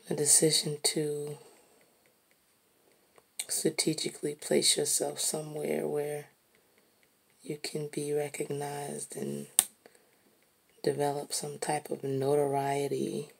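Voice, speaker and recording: A woman musing aloud while she draws, slow and reflective, sometimes dropping to a soft whisper. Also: deep voice, creaky, husky. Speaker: artist narrating while drawing. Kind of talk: reflective casual monologue.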